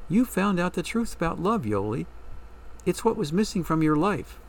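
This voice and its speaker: A man reading a story, voicing a calm woman fortune teller who asks measured, probing questions. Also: sits high, creaky, slight background noise, pitched above the performer's own voice, heavily acted. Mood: counseling.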